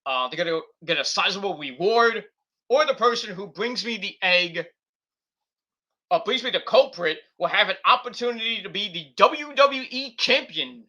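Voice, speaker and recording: Guy doing a yelling old wrestling boss, all bluster, high sharp voice. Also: lively intonation, normal speed, dull audio, heavily acted. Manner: loud, exasperated outbursts.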